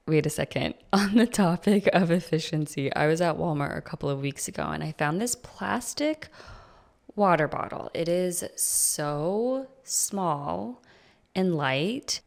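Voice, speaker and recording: Groggy woman with a gravelly morning voice. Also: sits low. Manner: rambling, chatty, with fillers. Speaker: planner vlogger. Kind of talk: casual chat.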